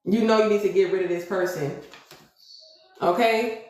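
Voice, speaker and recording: A woman's voice: mid-range voice, steady tone, moderate pace, a little mellow. A woman giving a live-streamed tarot reading, preachy and emphatic, often checking in with her listeners with "okay?". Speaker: tarot reader. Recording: very echoey room.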